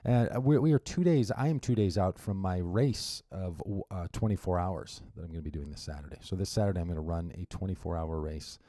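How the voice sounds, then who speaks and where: Deep, mellow-voiced male radio host. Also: a little fast, hardly any pauses, dry recording, studio quality. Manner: chatty and rambling, with wry asides and frequent restarts. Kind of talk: casual solo radio monologue.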